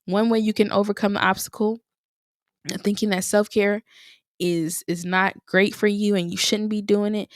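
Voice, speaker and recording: A woman's voice: mid-range voice, flat delivery, normal speed, no echo, studio quality. A young woman hosting a podcast on her own, talking in an encouraging way and repeating phrases for emphasis. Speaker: podcast host. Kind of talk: motivational solo podcast talk.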